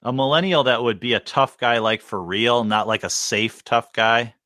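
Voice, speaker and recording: A man's voice: medium pitch, moderate pace, pushed and bright, no room sound, studio quality. A man co-hosting a casual podcast, rambling and laughing through joking asides. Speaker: podcast co-host. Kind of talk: casual chat.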